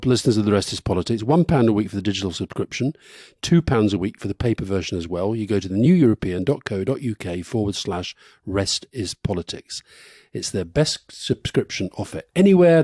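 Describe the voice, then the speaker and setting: Middle-aged male podcast co-host, low-ish, dry, close sound, wry storyteller. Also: sing-song, fairly quick, darkish tone, slightly rough, no echo. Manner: anecdotal, wry storytelling with laughs. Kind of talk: live podcast conversation. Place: live stage event.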